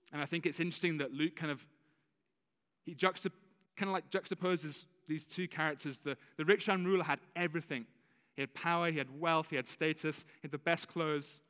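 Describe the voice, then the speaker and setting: A fairly high-voiced man preaching a sermon in a relaxed, conversational way, with a slight lisp. His voice rings with the long reverb of a church hall. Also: clean tone. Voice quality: slight lisp on some words. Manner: conversational, with self-corrections and laughs. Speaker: pastor.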